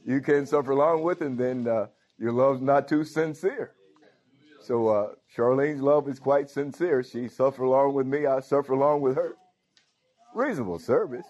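A man's voice: medium pitch, moderate pace, darkish tone, dull audio. A pastor preaching a sermon. He talks informally and keeps calling out to his congregation. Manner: informal preaching with frequent call-outs to the congregation. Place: church.

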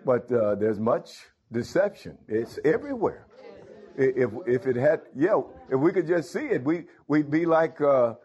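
A man preaching a sermon in an emphatic manner, rising often into high, ringing exclamations of praise. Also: expressive, normal speed, a little mellow. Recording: dull lo-fi sound.

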